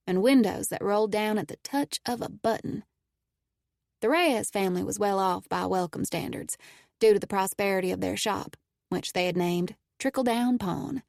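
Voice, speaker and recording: A woman narrates a first-person audiobook in a steady, intimate way. Her voice has a noticeably gravelly texture at mid pitch, and the recording is dry and close with no room sound. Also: dry recording.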